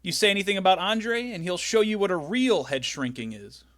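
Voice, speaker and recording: A man impersonating a loud, snide male wrestling manager who sneers as he talks. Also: sits high, lively intonation, fairly quick, dry recording, clean studio sound, voice pushed up. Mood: sneering.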